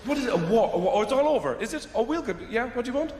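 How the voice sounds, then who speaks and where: An Irish man performing a stand-up comedy routine, animated and mocking, from a live stage. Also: extremely high pitch, racing. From Ireland. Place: comedy stage in a large venue. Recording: echoey live hall with noise. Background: audience laughter and ambience.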